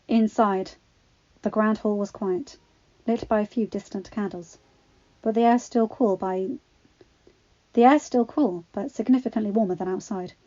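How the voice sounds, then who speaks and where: A woman narrating a fan-fiction story in a steady, expressive reading. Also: mid-range voice, moderate pace, long pauses. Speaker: audiobook reader. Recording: dull lo-fi recording with faint music.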